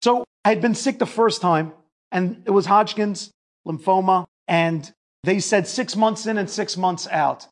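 A man giving a lecture, telling a personal story in an emphatic way that builds to near shouting. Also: high voice, a little slow. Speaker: speaker telling his story.

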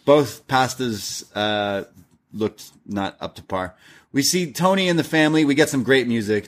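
A man's voice: mid-range voice, animated, normal speed. Laughing male wrestling podcast co-host. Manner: laughs often, recaps scenes and mimics characters' lines. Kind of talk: casual chat.

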